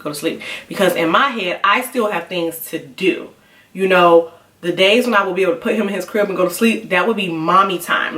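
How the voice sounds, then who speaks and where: Her voice lowish and a bit bright, a young mother opens up on her vlog, sharing a candid personal story like a confession between friends. The mic is somewhat distant, giving a roomy sound.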